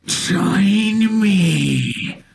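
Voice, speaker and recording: A man's voice: high voice, expressive, drawn-out words, creaky, a little hiss or hum, pitched above the performer's own voice, heavily acted. A man voicing a menacing spectre. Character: menacing male spectre, possessive and hungry for souls.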